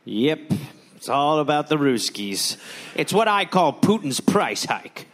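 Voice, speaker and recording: A man's voice: fairly high pitch, very animated, unhurried, fairly bright tone. A man co-hosting a live comedy podcast, riffing jokes in a rambling way with lots of fillers. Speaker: comedian co-host. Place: live stage before an audience.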